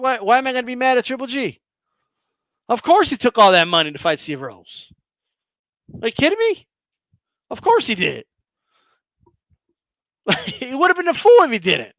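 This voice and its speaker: A man hosting a live stream, ranting bluntly and sarcastically, swearing and rising to shouts. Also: high voice, no echo. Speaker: boxing commentator and channel host.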